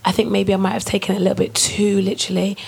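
A woman's voice: medium pitch, little pitch movement, rapid-fire, vocal fry, a little mellow, breathy edge. A woman co-hosting a casual chat, telling stories through acted-out quotes with plenty of laughter. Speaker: podcast co-host.

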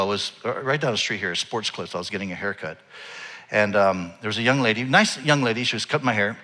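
Bright-voiced man preaching in a hall. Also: mid-range voice. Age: 40s. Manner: storytelling, conversational, swings from soft to loud and animated. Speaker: pastor. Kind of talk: sermon.

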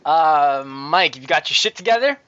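A man's voice: a little high, animated, normal speed, fairly bright tone. A man from Canada co-hosting a podcast, joking and swearing a lot, laughing often in casual chat. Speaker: podcast co-host. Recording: dull, dry close mic.

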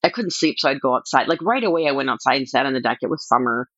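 A woman talking as a podcast guest, telling a personal story in a rambling, animated way with lots of fillers. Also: extremely low pitch, rapid-fire, dry recording, highs cut off.

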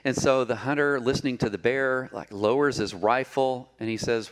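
A man's voice: mid-range voice, moderate pace, hardly any pauses. A middle-aged man preaching a sermon as pastor, telling stories with humor and joking with the congregation. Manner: animated storytelling, jokes with the congregation.

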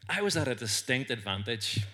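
Northern irish guy preaching in church, bright ringing voice, earnest storytelling. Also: mid-range voice, very animated, fairly quick. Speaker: pastor. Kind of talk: sermon. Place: church service.

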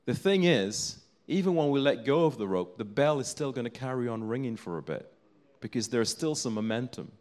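A man's voice: medium pitch, lively intonation, fairly quick, few pauses, a little mellow. A man preaching a sermon, telling a story in an earnest, building way.

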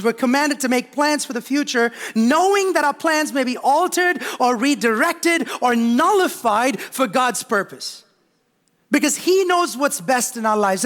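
Young male pastor, very high voice, preaching and calling out to his congregation in church. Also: a bit bright. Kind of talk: sermon. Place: church sanctuary.

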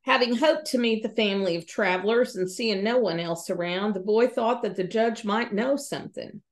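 Folksy woman telling ghost stories. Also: medium pitch. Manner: folksy, pauses with fillers and self-corrections. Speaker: podcast host. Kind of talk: folksy ghost story reading.

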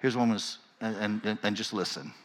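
A middle-aged male pastor preaching a sermon, telling a funny personal story with lively energy, then slowing into a quiet, reflective reading. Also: lowish voice. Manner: animated storytelling, laughing at himself, then slow and hushed. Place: church sanctuary. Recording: long church reverb.

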